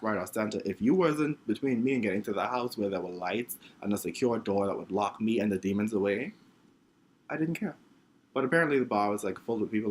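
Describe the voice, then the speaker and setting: A man's voice: on the low side, slight background noise. A young man from the Bahamas, dramatically telling a funny story from his childhood in a self-mocking way. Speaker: vlogger. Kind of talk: story time monologue.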